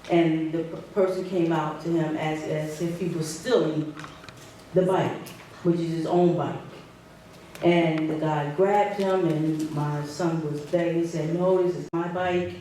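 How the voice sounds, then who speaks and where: A woman, a resident speaking at a public meeting, talks in an emotional, hurt way, halting and restarting as she speaks. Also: sits low, steady tone, dark tone, slight background noise. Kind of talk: public comment. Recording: echoey hall, distant mic.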